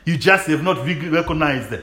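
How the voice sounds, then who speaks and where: Exuberant male preacher, highish bright voice, call-and-response style. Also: moderate pace. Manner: call-and-response questions, laughing, exuberant shouts. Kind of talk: sermon.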